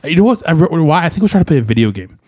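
A man's voice: fairly high pitch, big pitch swings, very fast, a little mellow, breathy edge, no echo, clean studio sound. A young man talking candidly on a podcast, rambling with lots of fillers and restarts. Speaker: podcast co-host, musician. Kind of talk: candid casual chat.

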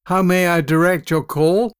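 A man's voice: sits high, steady tone, moderate pace, smooth, dry recording, clean studio sound, pitched above the performer's own voice, close to an everyday voice. A man voicing a formal, polite police switchboard operator who calls the caller sir.

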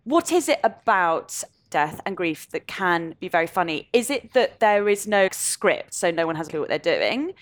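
A woman's voice: lowish voice, sing-song, moderate pace, few pauses. A woman hosting a podcast, asking thoughtful, reflective questions in easy conversation. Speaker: podcast host. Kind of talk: conversational interview.

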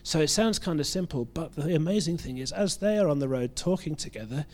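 A man from the UK with a British accent, preaching a sermon in a relaxed, conversational way, joking at his own expense and often restarting his phrases. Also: a little high, brisk. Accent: British English. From United Kingdom. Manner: conversational, self-deprecating, with frequent restarts.

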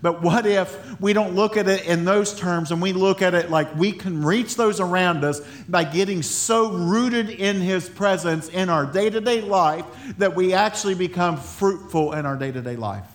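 A man's voice: high-pitched, moderate pace, few pauses. A man preaching a sermon in a loose, conversational way, breaking into laughter and restarting his sentences. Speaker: pastor.

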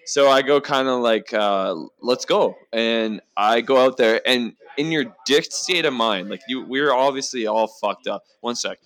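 A man hosting a podcast, rambling quickly and saying "like" a lot in casual banter with friends. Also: medium pitch, fairly bright tone. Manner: rambling and fast, heavy use of "like". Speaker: podcast host. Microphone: podcast mic.

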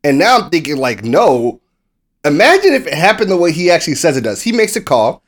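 Animated American man telling a sports story. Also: a little high, fairly quick. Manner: animated storyteller, acts out quoted people; swears casually. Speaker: podcast co-host. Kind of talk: casual sports chat.

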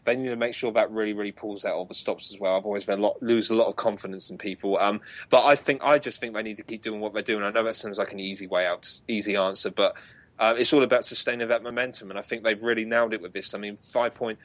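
A man's voice: on the low side, steady tone, quick pace, no room sound. A young British man hosting a casual gaming podcast, chatty and laughing, with lots of ums. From Britain. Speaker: podcast host.

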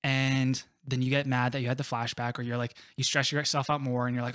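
A man co-hosts a casual recovery workshop, explaining with relaxed, run-on examples and plenty of "like". His voice sits in a middle pitch, recorded dry and close. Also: dry recording. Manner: relaxed, drawn-out explanations with many "like" fillers. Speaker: podcast co-host.

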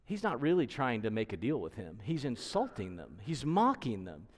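A man's voice: mid-range voice, wildly swooping pitch, moderate pace, in a large hall. A male preacher giving an expository sermon, emphatic and explanatory, who repeats his points for stress.

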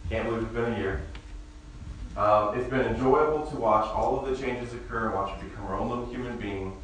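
A male pastor delivers a sermon in an easygoing, storytelling manner and slips jokes into his teaching. His voice rings through a very reverberant hall, heard from some distance off the mic with faint background ambience. His pitch sits in an ordinary middle range for a man. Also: a little fast, a little hiss or hum. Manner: conversational, storytelling with humor. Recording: very echoey room, mic far off, faint ambience.

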